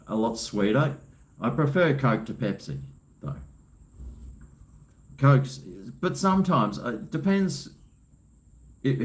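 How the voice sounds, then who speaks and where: A middle-aged Australian man from Queensland hosting a casual livestream, rambling and answering viewer comments, calling people mate. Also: medium pitch. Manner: relaxed, rambling, says mate a lot. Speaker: livestream host.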